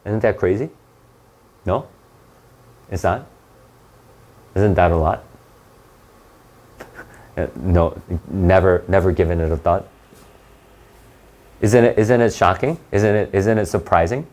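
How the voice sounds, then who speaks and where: A man with a fairly low voice explains things in a loose, rambling way. He keeps stopping to check in with the listener and fills his pauses with "um" and "you know." He sounds like a casual teacher talking through a lesson. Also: a little mellow. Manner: rambling, full of fillers and "right?" checks. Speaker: English teacher.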